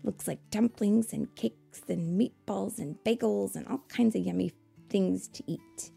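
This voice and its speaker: A woman reading a picture book aloud to children, pausing to ask them questions and explain things. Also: mid-range voice, vocal fry, slightly rough, soft background music. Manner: asks listeners questions, warm explanatory asides.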